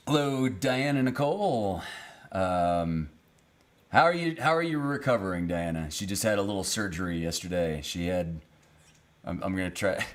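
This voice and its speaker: A man hosting a live music stream from a small cabin room, casually greeting viewers in the chat by name and chuckling at himself. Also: sits low. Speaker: livestream music show host. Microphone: streaming camera setup at home.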